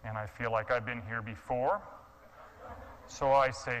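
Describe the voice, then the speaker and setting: A man telling a dramatic sermon story, swinging from hushed, quiet passages to impassioned shouting. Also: medium pitch, steady tone, a little slow, long pauses, slight background noise, low-quality recording. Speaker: guest speaker.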